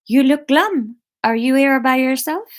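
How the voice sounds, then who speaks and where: A woman voicing a kind, plump French woman in her fifties, with a put-on French accent and a gentle, chatty manner. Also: sits high, lively intonation, unhurried, voice pushed up. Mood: friendly.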